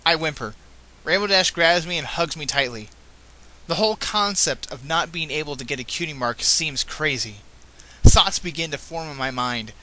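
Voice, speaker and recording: Bright-toned man reading fan fiction. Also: fairly high pitch, lively intonation, normal speed. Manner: casual, self-correcting asides. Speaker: reader. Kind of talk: reading fanfiction aloud.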